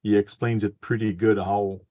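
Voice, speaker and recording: A man's voice: on the low side, flat delivery, normal speed, mellow, no room sound. Man hosting a lo-fi hobby chat. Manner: joking, rambling with repeated words. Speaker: host. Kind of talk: casual group chat on a livestream. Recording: dull lo-fi dry sound.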